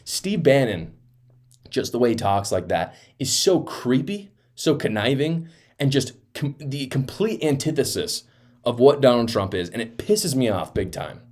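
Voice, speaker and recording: A man's voice: medium pitch, big pitch swings, unhurried, darkish tone. A young man runs a political reaction show, and his delivery is heated and emphatic. He mimics the people he criticizes in sarcastic put-on voices. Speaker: political commentary host. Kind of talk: reaction commentary.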